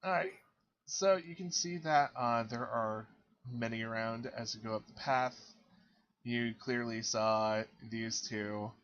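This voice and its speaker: A man narrating a tabletop game as game master, relaxed and halting, often pausing on fillers. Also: mid-range voice, muffled recording.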